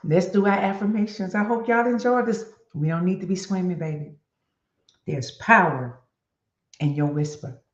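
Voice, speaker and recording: Lower-voiced woman vlog host, lively and conversational, recorded with muffled lo-fi sound. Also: normal speed. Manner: animated and chatty, addressing viewers as y'all. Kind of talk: casual motivational vlog talk. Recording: echoey room with dull lo-fi sound.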